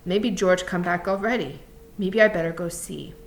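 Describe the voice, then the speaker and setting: A woman reading aloud, voicing a big, childlike, slow-witted farmhand in a higher, louder voice, pleading and insistent. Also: a little hiss or hum, natural voice. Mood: worried. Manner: pleading, insistent, simple speech.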